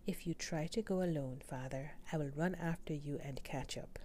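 A woman voicing a brave, gentle young daughter as a whispered role-play, speaking in an earnest soft whisper. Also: low-pitched, normal speed, slight background noise, close to an everyday voice.

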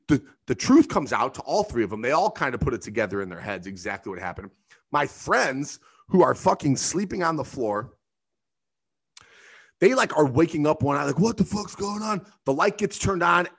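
Podcast host, man in his thirties, casual and profane, lively up-and-down delivery. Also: on the high side, vocal fry. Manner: profane, rambling, self-mocking. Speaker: bartender. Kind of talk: casual storytelling monologue.

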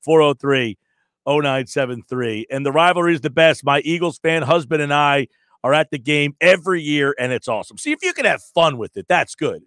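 A sports radio host in his forties talks in a loose, rambling way, circling back to read listener texts off the board. His voice sits a little high for a man and is recorded close and dry in the studio, with no room sound around it. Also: expressive, fairly quick, a bit bright, clear, resonant tone, dry recording. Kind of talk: casual sports talk.

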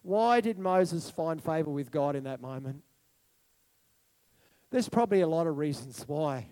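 A man preaching a sermon to a church congregation, animated and exclamatory, with sudden whoops. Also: a little high, measured pace. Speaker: pastor. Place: church hall.

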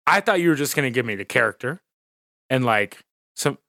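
A man in his thirties co-hosting a podcast, chatting casually, animated and emphatic, laughing often. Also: mid-range voice, a little fast, creaky, no echo, clean studio sound. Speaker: podcast co-host. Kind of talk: casual chat.

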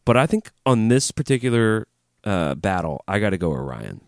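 A man co-hosting a metal podcast in casual chat, excitable, laughing often and swearing casually. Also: on the low side, normal speed, dry recording, studio quality. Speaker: podcast co-host.

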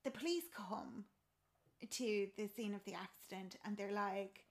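A woman chats casually, animatedly retelling a film's plot and acting out the characters' lines. Her voice is mid-range and her pace measured.

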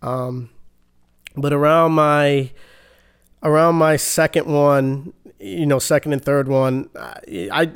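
A man giving an earnest, halting personal recovery testimony, often restarting his sentences. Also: a little high, clean tone. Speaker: speaker sharing his recovery story.

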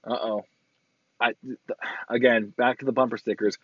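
A man in a car, giving a crude, profane road-rage rant and yelling sarcastic insults at other drivers. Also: medium pitch, steady tone, moderate pace, breathy edge, no echo. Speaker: vlogger ranting while driving. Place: inside a car in traffic. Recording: dull lo-fi sound.

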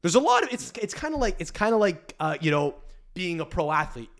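A man's voice: high-pitched, very animated, brisk, fairly bright tone. Crude rambling male podcast host. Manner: crude, rambling, restarts a lot. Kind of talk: casual rant.

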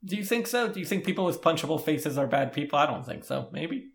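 Teasing young man with lively pitch. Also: quick pace, vocal fry. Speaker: podcast co-host. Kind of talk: casual comedic chat.

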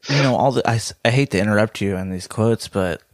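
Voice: medium pitch, fast, no room sound, studio quality. A podcast co-host chatting casually, rambling with lots of "like" and restarts. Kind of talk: casual chat.

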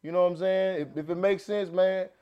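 A man with a Southern accent hosting a casual podcast, animated and laughing, restarting his sentences often. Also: sits high, brisk, clear, resonant tone, lo-fi sound. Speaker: podcast host.

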